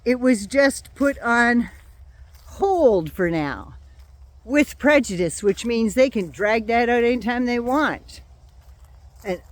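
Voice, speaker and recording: A woman's voice: on the high side, no room sound. Blunt, sarcastic older woman ranting. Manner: blunt, sarcastic, swears freely. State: runny nose from a cold. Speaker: vlogger. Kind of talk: casual political rant.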